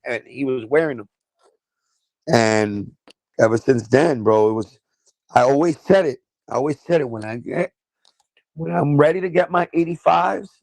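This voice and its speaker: Profane, excitable New York man. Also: mid-range voice, vocal fry, no room sound, rough recording. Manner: excitable, profane, laughing banter. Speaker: sneaker livestream host. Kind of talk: casual livestream chat.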